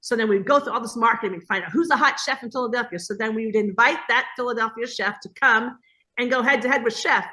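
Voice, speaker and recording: A woman guest who owns a hospitality business tells stories over a video call in a casual interview, lively and acting out the voices she quotes. Her voice is on the high side, and she talks fast.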